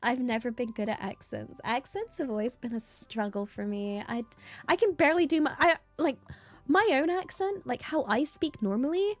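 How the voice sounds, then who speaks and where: High-pitched and speaking at a moderate pace, a young UK woman livestreams with soft music playing behind her. She rambles cheerfully and giggles, her British accent a mix of rural roots and taught English.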